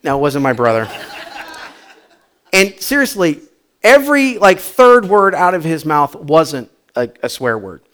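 High-voiced man preaching an animated sermon. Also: measured pace. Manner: animated storytelling with humor. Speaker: pastor.

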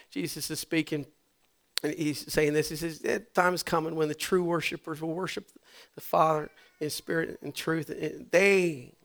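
A middle-aged male pastor preaching a sermon, dropping to hushed whispers and rising to loud shouts. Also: fairly high pitch, creaky.

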